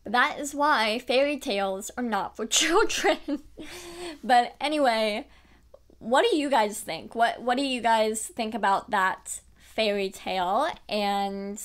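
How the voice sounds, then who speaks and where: Animated, chatty young woman book vlogger. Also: fairly high pitch, slow. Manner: animated, chatty, lots of fillers and laughs. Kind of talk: casual book review chat.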